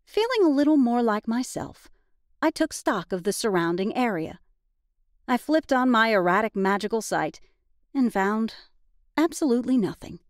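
A woman audiobook narrator reading a first-person cozy mystery in an even, conversational storytelling manner. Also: a little high, moderate pace, no echo, clean studio sound.

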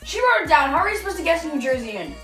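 A teenage girl playing an accent game with friends, loud and goofy, laughing often. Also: high voice, sing-song, rapid-fire, far from the mic, soft background music. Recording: echoey room, a little off-mic.

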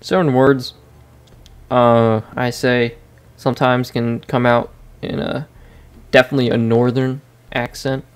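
A man's voice: medium pitch, little pitch movement, unhurried, clean tone. A man hosting a gaming channel, rambling casually while he plays and reacting to the match. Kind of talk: casual gameplay commentary. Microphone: desk microphone.

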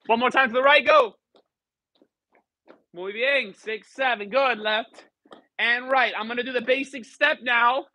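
The same kind of high, bright male voice leads a live dance class in a studio. Counting out steps, he mixes Spanish with English and kids around with the students.

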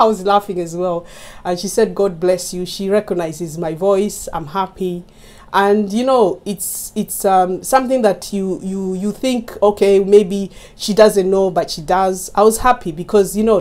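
A woman from Kenya with a medium-pitched, darkish voice vlogs for her YouTube viewers in a relaxed, chatty way. She often laughs and addresses them directly, speaking into a mic set up before her.

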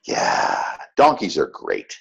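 A man's voice: a bass voice, slow pace, vocal fry, breathy edge, highs cut off. A man giving a motivational sales training talk, telling stories and acting out both sides of each conversation. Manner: animated storyteller, acts out dialogue. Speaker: network marketing trainer.

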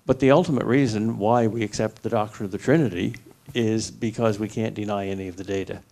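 An older American philosophy professor answers at a public university forum in a lecture hall, laying out his ideas step by step and slipping in the occasional dry joke. His voice is lowish, steady, and creaky with a dark tone, and he speaks a little fast.

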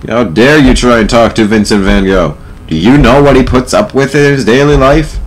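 A young man giving casual, profane gameplay commentary, sarcastic and prone to loud outbursts. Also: medium pitch, moderate pace, rough recording. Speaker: let's play commentator.

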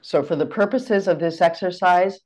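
An American woman running a seminar over a video call, giving clear, measured and courteous instructions. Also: on the low side, a little mellow. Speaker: seminar facilitator.

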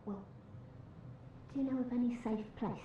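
Actress plays a bitter elderly shut-in, scolding and resentful, game voice in a hissy room. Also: female voice, fairly high pitch, steady tone, normal speed, muffled recording, lightly acted. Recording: game audio, echoey with noise.

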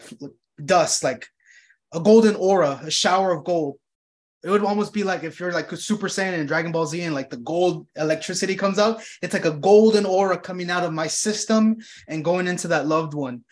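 A man giving a reflective motivational talk, earnest and profane, acting out his own inner dialogue. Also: on the high side. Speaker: motivational speaker.

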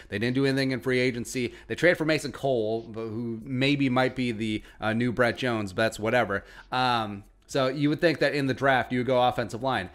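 Brief: male podcast host, energetic and sarcastic, casual sports takes, mid-pitched. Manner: animated, sarcastic, joking asides.

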